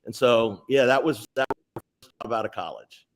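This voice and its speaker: Older guy spinning sales stories, animated, lots of detail. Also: medium pitch, moderate pace. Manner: animated, anecdotal, lists details. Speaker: guest sales executive. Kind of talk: storytelling interview answers.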